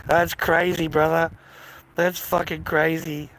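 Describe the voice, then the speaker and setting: A man's voice: a little high, flat delivery, normal speed, a bit bright, a little hiss or hum, poor audio. A middle-aged Australian man vlogging in a profane, rambling, blokey way and laughing often. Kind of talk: casual rambling monologue.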